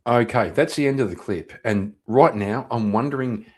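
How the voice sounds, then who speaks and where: A man's voice: medium pitch, moderate pace, darkish tone. A man hosting a live stream, reacting to clips in loose, profane commentary, laughing and repeating himself. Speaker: livestream host reacting to clips.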